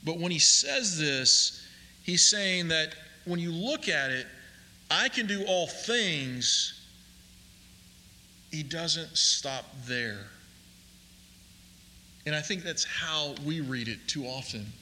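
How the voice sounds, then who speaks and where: A man preaching a sermon as pastor, deliberate and emphatic, slowing down to stress key phrases. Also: on the high side, expressive, pushed and bright, long reverb tail.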